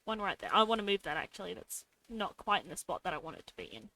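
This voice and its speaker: Young woman streamer, bright voice, chatting to herself while drawing, silly little noises. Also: on the low side, very animated, quick pace. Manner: talks to herself while drawing, adds playful sound effects.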